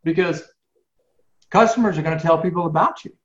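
As an interview guest, this professional speaker spins animated stories, voicing dialogue and repeating words a lot. His fairly high voice moves fairly quickly. The recording is dull, echoey lo-fi.

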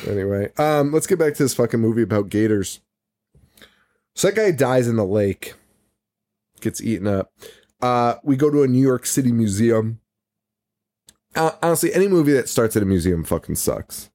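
Male podcast host, mellow tone, dry close sound, swears a lot, rambling. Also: medium pitch, expressive, moderate pace, pauses often, no room sound. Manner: profane, rambling, laughs often. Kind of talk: casual movie-review chat.

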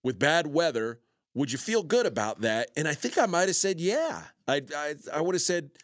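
A man's voice: fairly high pitch, big pitch swings, moderate pace, dry recording, studio quality. A man co-hosting a sports betting show, running through scores and odds in casual chat with frequent filler words.

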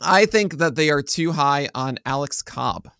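A man with a slightly higher voice co-hosts a casual sports podcast, joking and teasing as he tells stories. The sound is dry and close, with no room around it. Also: expressive, a little slow, gravelly, pushed and bright, clear, resonant tone, dry recording. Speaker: podcast co-host.

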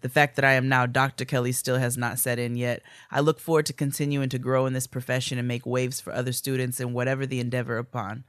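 A woman's voice: rumbling low, level tone, fast talker, few pauses, clear, resonant tone, no room sound, clean studio sound. A woman co-hosting a podcast, reading listener letters aloud in a playful, chatty way and laughing often. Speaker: podcast co-host.

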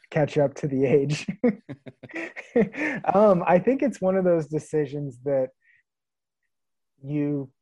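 A man around thirty from the Pacific Northwest, chatting easily as a podcast guest. His voice is mellow and unforced, recorded close and dry with no room sound. He laughs his way through stories at a relaxed clip. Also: on the high side, takes it slowly, long pauses, breathy edge, no echo, low-quality recording. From Vancouver, Washington. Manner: easygoing storyteller, laughs often. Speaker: guest, long-distance hiker.

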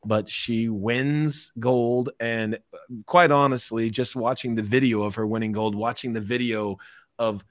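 A man hosting a podcast, chatting casually and joking as he steers from topic to topic. His voice sits at an ordinary pitch, and the sound is dry, close and free of any room echo. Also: steady tone, unhurried. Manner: upbeat, joking, leads the topics. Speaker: podcast host. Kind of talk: casual chat.

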